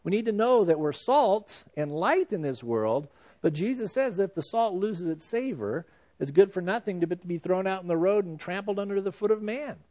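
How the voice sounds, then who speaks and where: A man preaching a sermon in a relaxed, conversational way, dropping in "you know" asides as he goes. His voice sits fairly high for a man. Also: moderate pace. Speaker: pastor.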